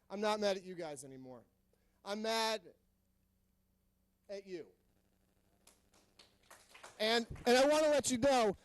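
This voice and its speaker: A man with a notably high voice addresses a board from the podium. He is emphatic and confrontational, rallying his colleagues. The sound is close and dry. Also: dry recording. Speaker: teacher speaking at public comment. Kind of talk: public comment speech. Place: public board meeting room.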